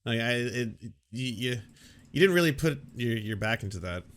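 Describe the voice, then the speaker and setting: A man's voice: mid-range voice, lively intonation, brisk, a bit bright. A man co-hosting a casual commentary show, rambling and goofy, often restarting sentences. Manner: goofy, rambling, self-interrupting. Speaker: co-host.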